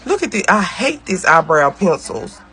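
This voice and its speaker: A man telling a personal story to camera in a sassy, profane, animated way, talking straight to his viewers. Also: sits high, normal speed, husky, soft background music.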